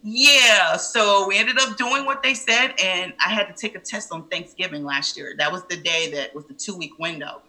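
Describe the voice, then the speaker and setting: A woman in her thirties, a guest in an interview, telling a personal story in a lively way and acting out what people said. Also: lowish voice, moderate pace, few pauses, rough recording. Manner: animated, acts out quoted speech.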